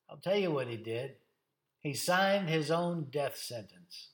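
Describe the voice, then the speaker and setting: Slow, dramatic male preacher. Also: fairly high pitch, animated, echoey room. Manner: dramatic, emphatic, slow for effect. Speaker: pastor. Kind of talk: sermon.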